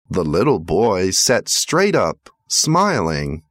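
Slow, lively male storyteller. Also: fairly low pitch, dry recording, clean studio sound. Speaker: narrator. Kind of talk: storytelling narration.

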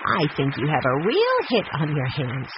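A man's voice: fairly high pitch, huge pitch swings, moderate pace, lo-fi sound, noisy background. A man voicing a kindly, puzzled aunt in an audiobook. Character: older woman, a kind aunt, puzzled.

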